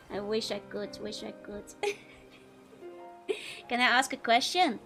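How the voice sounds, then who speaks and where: A woman's voice: fairly high pitch, animated, takes it slowly, music in the background. A young woman streamer chatting casually with viewers, giggling often between phrases.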